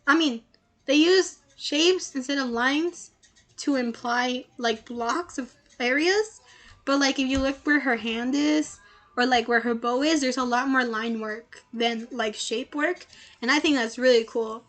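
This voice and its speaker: Bubbly high-voiced young woman streamer. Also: unhurried, a bit bright. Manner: chatty, bubbly, with many filler words. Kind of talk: casual gameplay commentary.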